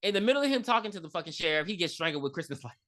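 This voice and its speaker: Podcast co-host, female, lively bright voice, swears freely, acts out scenes as she recaps them. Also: fairly low pitch, racing. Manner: profane, animated, acts out characters in her retelling. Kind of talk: casual movie recap chat.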